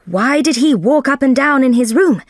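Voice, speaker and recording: A woman voicing an eager male companion in a slow storybook reading, full of questions. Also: sits high, animated, no room sound, studio quality, voice pushed up. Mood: curious.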